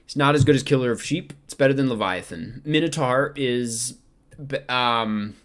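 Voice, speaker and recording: A man's voice: mid-range voice, normal speed, a bit bright. Rambling young man ranking films aloud. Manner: rambling, self-questioning, frequent ums. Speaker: film vlogger ranking movies. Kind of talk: casual chat.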